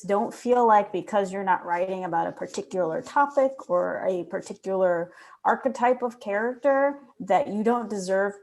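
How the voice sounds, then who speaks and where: A woman panelist who speaks emphatically and encouragingly to her listeners. Her voice sits at a plain middle pitch. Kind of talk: panel discussion.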